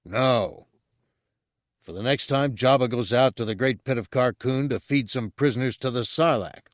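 A man's voice: medium pitch, normal speed, no room sound, clean studio sound, lightly acted. A man voicing a bossy male guard captain who barks orders in a storybook reading. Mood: curt. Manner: barking orders.

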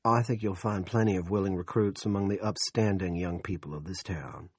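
A man voicing a smug, scheming middle-aged male town politician who speaks slowly and condescendingly. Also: low-pitched, a little mellow, breathy edge, no room sound, clean studio sound. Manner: slow, condescending and self-satisfied.

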